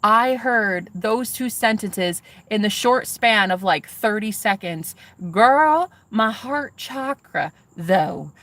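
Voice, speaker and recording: Woman vlogging, all worked up, cussing a lot, chatting right at her viewers, mid-pitched voice. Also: takes it slowly, hardly any pauses, a little hiss or hum. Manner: excitable, swears freely, talks straight to viewers. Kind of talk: casual vlog storytelling to viewers.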